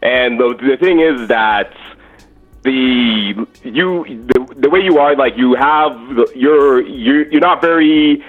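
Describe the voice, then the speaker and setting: A man's voice: mid-range voice, slow pace, soft background music. A man from Canada calling in to a show, talking with many restarts and fillers. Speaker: caller. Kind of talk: call-in chat. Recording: dull lo-fi phone line.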